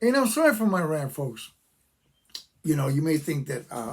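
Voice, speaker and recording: A man's voice: a little high, very animated, moderate pace, a little hiss or hum. An older man, a veteran, ranting passionately to his channel's viewers, talking emphatically and repeating himself. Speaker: veteran YouTuber. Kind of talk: opinion rant to camera.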